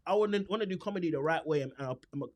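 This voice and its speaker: Man, comedian guest, rambling casual chat, laughs a lot, fairly high voice. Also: racing. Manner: rambling, animated, laughs often. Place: podcast studio.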